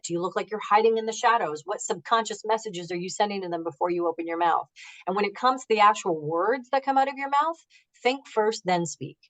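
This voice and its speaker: Over a low-quality video call, a medium-pitched woman speaks as an interview guest. A negotiation expert and author, she dispenses advice with energy and emphasis, chatting conversationally while performing the lines her clients say.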